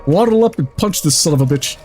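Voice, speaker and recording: A man streaming a video game in casual chat, excitable, swearing freely and laughing often while he yells at the game. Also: fairly high pitch, fast talker, soft background music.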